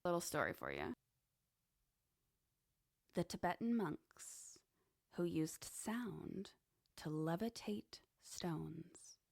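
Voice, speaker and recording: A woman's voice: on the low side, very animated, slow, gravelly, long pauses, no room sound, studio quality. A woman hosting a podcast, musing in a casual monologue with conversational asides. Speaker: podcast host. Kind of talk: casual monologue on esoteric topics.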